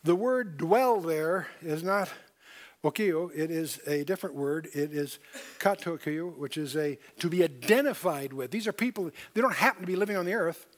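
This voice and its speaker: Emphatic high-voiced older man teaching. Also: normal speed. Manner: emphatic, repeats key points, asks the audience questions. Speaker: Bible teacher. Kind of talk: verse-by-verse Bible teaching.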